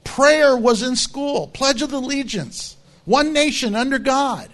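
High-voiced man preaching slowly. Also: lively intonation, fairly bright tone. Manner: blunt, emphatic, drops to low asides. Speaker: pastor. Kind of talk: conversational sermon.

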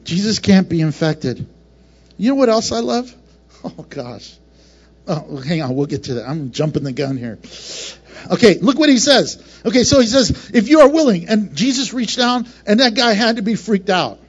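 A man preaching a passionate sermon as pastor, with laughs and quick acted asides between points. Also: high-pitched, big pitch swings, breathy edge, muffled recording.

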